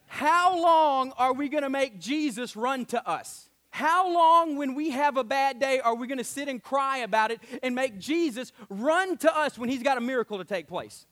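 A man preaching a sermon as pastor in a church sanctuary, animated, with frequent amens and mocking put-on voices. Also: very high voice.

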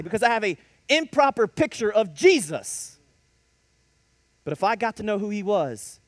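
A man preaching with a high, animated voice that swings widely as he tells stories and drives home his points. The sound is dry and close, with no room around it. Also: dry recording. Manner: animated preaching with storytelling and sudden emphatic rises. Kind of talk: sermon.

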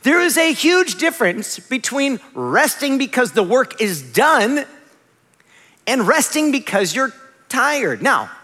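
A man in his thirties preaching a sermon as a pastor, telling stories in a lively, conversational way with quick asides. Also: very high-pitched. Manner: animated, conversational storytelling with rapid asides. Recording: long hall reverb.

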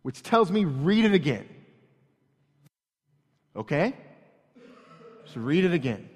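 A man's voice: on the high side, very animated, slow, pauses often, breathy edge. A man preaching a sermon as pastor, emphatic, repeating lines for stress. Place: church hall. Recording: long reverb in a church hall.

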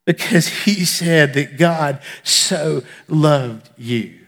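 A man pastor preaching a sermon, building emphasis and then falling to soft near-whispers. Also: fairly high pitch, extremely slow, big-room sound. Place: church sanctuary.

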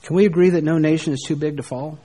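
A middle-aged man from the United States delivers a sermon in a fairly high voice. He drops to hushed, low lines, then rises into emphatic questions. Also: steady tone, fast. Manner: preaching, shifting between soft hushed lines and emphatic rises. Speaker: pastor.

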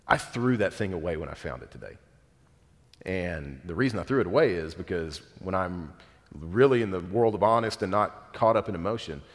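Pastor, male, 30s, low voice; conversational sermon with a long hall reverb. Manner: conversational, earnest, self-deprecating asides.

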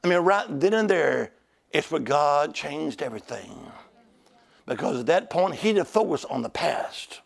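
High gravelly-voiced male preacher. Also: lively intonation, measured pace. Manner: call-and-response preaching, urging the congregation. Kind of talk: sermon.

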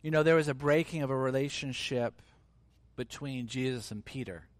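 A man's voice: medium pitch, normal speed, no echo. A male pastor preaching a sermon in a conversational, emphatic way, acting out little scenes as he goes.

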